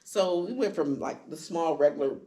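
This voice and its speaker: A woman candidly telling her own story in conversation, acting out quoted lines with sudden jumps in pitch. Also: moderate pace, mellow. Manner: acts out quoted dialogue with big pitch jumps. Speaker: guest sharing her story.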